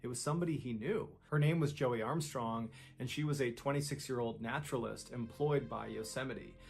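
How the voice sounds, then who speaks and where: A man's voice: mid-range voice, fairly quick, creaky, darkish tone. A man narrating a true-crime story in a suspenseful, dramatic way, acting out the lines people said.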